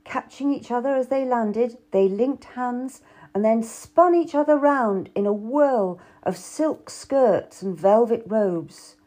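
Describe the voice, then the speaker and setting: A woman's voice: fairly high pitch, lively intonation, slow, dark tone. A woman narrating a historical novel in the first person, reading expressively. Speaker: audiobook narrator.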